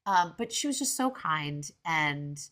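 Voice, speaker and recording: A woman in her forties hosting a podcast, telling a story in a chatty, animated way with lots of fillers and quoted asides. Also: low voice, measured pace. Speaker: podcast host. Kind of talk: casual storytelling monologue.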